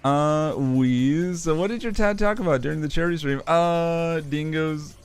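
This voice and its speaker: A male streamer in loose live-stream chat, taking his time with each phrase and breaking into giggles as he reads chat aloud. He swears casually, and soft music plays faintly behind him. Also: a little high, unhurried, clean tone. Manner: giggly, laughs often while reading chat aloud. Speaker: streamer and animator.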